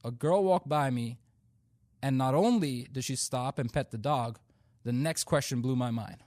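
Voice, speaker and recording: A man's voice: medium pitch, moderate pace, a little mellow, no echo, studio quality. Self-deprecating young man doing stand-up. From India. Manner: self-deprecating, playful storytelling. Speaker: stand-up comedian. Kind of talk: stand-up comedy routine.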